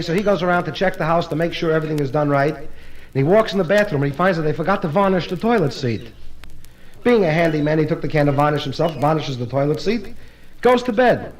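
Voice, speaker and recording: A male comedian doing live stand-up at a private party, rattling briskly through joke after joke. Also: on the high side, animated, rough recording.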